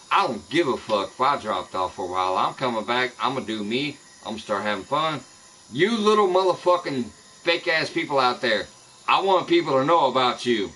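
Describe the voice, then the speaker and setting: A man's voice: mid-range voice, bright, forceful tone, slight background noise, rough recording. A man streaming live from home, ranting angrily and swearing heavily at people he says spread lies about him. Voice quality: profane, heated ranting. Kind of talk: angry live-stream rant. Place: home in the American Midwest.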